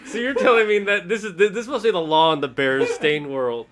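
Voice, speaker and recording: A man co-hosting a casual gameplay stream, chiming in with dry wisecracks and deadpan questions. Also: sits high, brisk, background noise. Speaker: co-host of a gaming stream.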